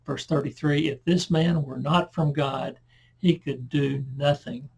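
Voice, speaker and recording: Very husky, gravelly-voiced man teaching scripture. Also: on the high side, fairly even intonation, measured pace. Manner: conversational, loud when reading scripture aloud, asides and self-corrections. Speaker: Bible teacher. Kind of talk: verse-by-verse Bible teaching.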